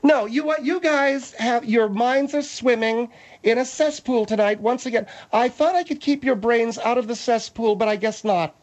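A man's voice: very high-pitched, voice pushed up. A man voicing a prim, chiding middle-aged woman co-host in comedic talk radio role-play. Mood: scolding. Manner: prim, chiding, fast-talking.

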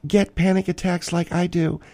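A flamboyant woman podcast host, played by a man, gushes about herself in a high, soft-edged voice. She rambles theatrically in a dry, close recording. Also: flat delivery, normal speed, gravelly, no echo. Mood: gushing. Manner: theatrical, rambling, gushing, self-important. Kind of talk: comic character monologue.

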